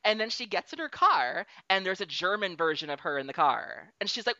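A woman hosting a casual interview, telling stories in an excitable, animated way. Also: mid-range voice, brisk, few pauses, dry recording, lo-fi sound.

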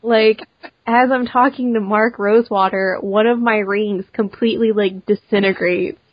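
A young woman guest, a cosplayer, talking casually in an interview, quick and chatty with many restarts. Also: mid-range voice, steady tone, dry recording, dull audio.

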